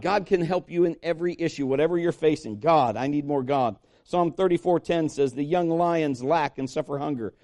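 A man's voice: a little high, mellow. A man preaching a sermon, emphatic, calling on the congregation to respond. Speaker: pastor.

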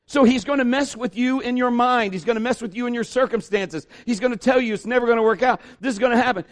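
A middle-aged man preaching a sermon at a church service, telling a story with lively asides and acting out other people's voices. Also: very high-pitched, quick pace, hardly any pauses. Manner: animated storytelling, acts out voices. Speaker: pastor.

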